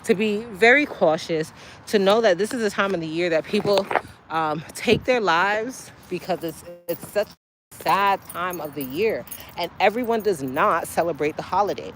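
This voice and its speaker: A woman's voice: normal speed, slight background noise. Chatty woman livestreaming from the street. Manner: chatty, talks straight to her chat with sudden high exclamations. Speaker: livestream host. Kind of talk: casual livestream chat to viewers. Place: outdoors by a street, waiting for a ride.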